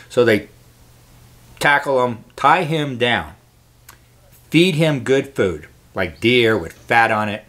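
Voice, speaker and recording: A man of middling pitch talks casually to camera about spiritual matters. He rambles and restarts his sentences, yet grows insistent and preachy when he gives advice. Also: animated, a little slow, long pauses, a bit bright. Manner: earnest and rambling, with frequent restarts. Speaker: host.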